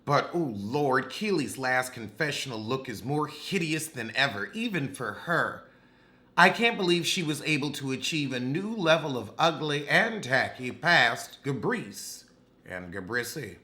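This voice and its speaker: A man's voice: mid-range voice, big pitch swings, a little slow, sharp tone. A man recapping a reality show with sassy, dramatic, cutting humor.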